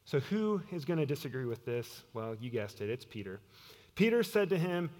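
A man preaching a sermon in an earnest way, often dropping his voice to a hush for emphasis. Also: mid-range voice, sing-song, normal speed. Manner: earnest, drops to hushed tones for emphasis. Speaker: pastor. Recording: long hall reverb.

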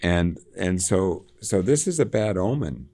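A man's voice: low-pitched, expressive, a little slow, warm tone. A man in a casual book discussion who reads passages aloud with lifted emphasis and laughs often.

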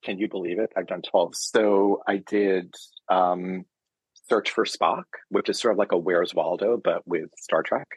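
A chatty, playful man with a slightly low, husky voice, speaking as a guest on a casual podcast. The sound is dry and close. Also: steady tone, a little slow, no echo, rough recording. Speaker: guest author.

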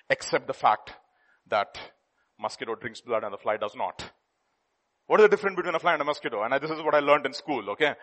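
A man preaching a sermon, telling a children's story in a playful, animated way and laughing as he goes. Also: medium pitch, quick pace.

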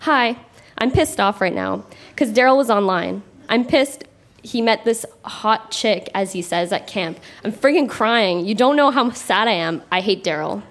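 A woman's voice: medium pitch, lively intonation, unhurried. A woman reads her old diary aloud on a theatre stage, wry and breaking into laughter between entries. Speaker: reader on stage. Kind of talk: reading childhood diary aloud to a live audience.

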